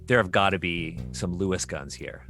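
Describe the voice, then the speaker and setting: A man playing a tabletop role-playing game, describing his character's moves with excited, quick asides and laughter. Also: low voice, creaky, soft background music. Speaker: player. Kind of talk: narrating a tabletop game move.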